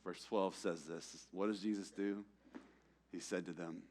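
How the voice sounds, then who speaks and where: A young man preaching a sermon in a church, casual and conversational, acting out quotes with slang and swinging between loud emphatic lines and hushed ones. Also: sits low, steady tone, measured pace. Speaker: pastor.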